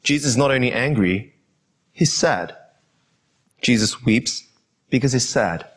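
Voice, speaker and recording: A man's voice: medium pitch, animated, a little slow. A young adult man preaching a sermon, earnestly addressing his listeners as friends.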